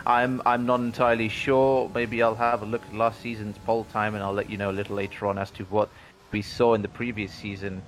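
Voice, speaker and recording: A man's voice: lowish voice, flat delivery. Man calling a sim race qualifying. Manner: measured, analytical play-by-play. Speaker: sim racing commentator. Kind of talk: race commentary.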